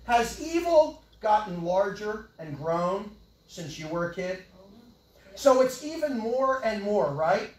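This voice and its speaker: An older man preaching a sermon with great passion, swinging from loud yelling to low mutters. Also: big pitch swings, slow. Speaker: pastor. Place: church hall. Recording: echoey church hall, from far off.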